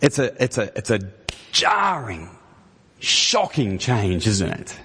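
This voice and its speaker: A man's voice: on the low side, big pitch swings, slow, pushed and bright, a little hiss or hum. A man preaching a conversational sermon in a church, often restarting his words and rising into emphatic questions. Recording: long hall reverb.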